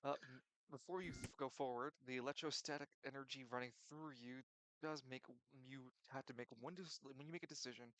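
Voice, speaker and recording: Acting as game master, a young man narrates a tabletop game with animation, swinging between loud and quiet and stumbling over his words. His mid-range voice runs a little fast on a dry, low-quality recording.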